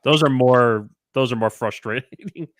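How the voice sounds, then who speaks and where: A man in casual sports chat during a baseball watch-along, playful and quick with a wisecrack. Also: mid-range voice, a bit bright, dry recording. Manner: playful, laughs easily, wisecracking.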